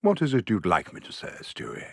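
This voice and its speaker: An actor voicing a calm middle-aged British therapist who speaks in a measured, probing way. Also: male voice, fairly low pitch, creaky, slight background noise, full character voice.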